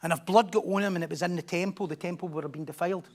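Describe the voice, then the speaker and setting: A man preaching a sermon as pastor, animated, acting out crowd voices and swinging from loud declarations to hushed asides. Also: high voice, rapid-fire. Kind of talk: expository sermon.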